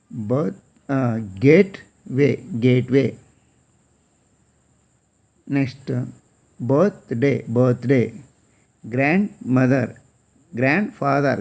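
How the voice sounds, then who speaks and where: A man's voice: mid-range voice, creaky, a little mellow. A man from India teaching an English class with an Indian English accent, spelling words letter by letter and repeating each one.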